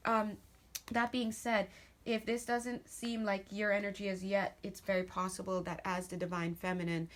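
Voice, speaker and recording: A woman's voice: mid-range voice, level tone, moderate pace. A woman giving a casual spoken tarot reading to her viewers, chatty and rambling, with frequent laughs and asides. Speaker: tarot reader.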